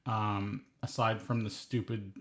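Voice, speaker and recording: A man's voice: fairly low pitch, little pitch movement, a little slow. Laid-back hesitant man co-hosting. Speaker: podcast co-host. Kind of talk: casual movie review chat. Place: shared room, filmed.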